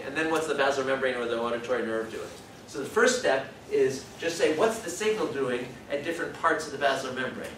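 A man's voice: on the high side, fairly bright tone, slight background noise. A man giving a university lecture, explaining step by step, thinking aloud and demonstrating vowel sounds. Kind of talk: classroom lecture. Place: lecture hall. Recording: echoey lecture hall from far off.

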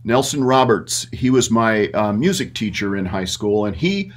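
A middle-aged man talking about his mentors in a casual interview. He rambles and fills his pauses with uh and um. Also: lowish voice, very animated. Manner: rambling with many fillers. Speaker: guest, puppet maker.

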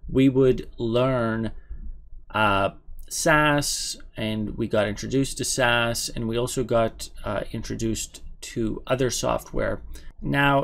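A man teaching programming courses, talking casually to viewers about certification with a relaxed, conversational manner and frequent fillers. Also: medium pitch, vocal fry. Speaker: SAS programming instructor. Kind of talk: casual explanatory talk to camera.

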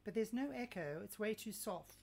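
A woman's voice: mid-range voice, lively intonation, normal speed, a little mellow. Woman rambling through a live cooking stream, silly self-mocking jokes, faint noise behind. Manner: chatty, jokey, self-mocking. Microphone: clip mic, sometimes moved.

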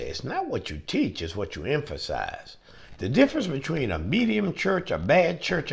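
This male preacher has a gravelly voice whose pitch swoops energetically through his sermon. Repetition and forceful rising peaks are how he pounds his message in.

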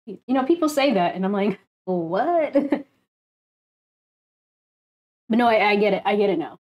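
A woman's voice: mid-range voice, moderate pace. Chatty woman reacting with frequent laughter. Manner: chatty, laughs often, excitable. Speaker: reaction video host. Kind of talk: casual album reaction.

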